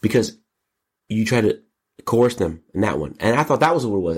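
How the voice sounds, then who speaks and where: A man hosting a comedic commentary show, joking and slangy, jumping into high mock voices. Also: lively intonation, a little fast, slightly rough. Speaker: host.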